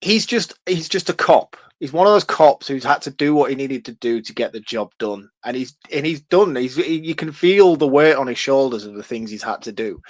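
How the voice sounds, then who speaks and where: A man's voice: medium pitch, expressive, moderate pace, hardly any pauses, no echo. A man, chatting casually and animatedly as a podcast co-host, laughing and swearing freely. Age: 30s. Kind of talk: casual film-review chat.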